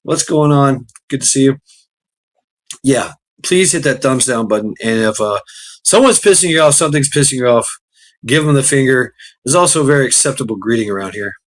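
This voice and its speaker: A man's voice: mid-range voice, expressive, fairly quick. A tired man hosting a casual livestream, rambling and swearing as he greets chatters by name. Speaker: livestream host.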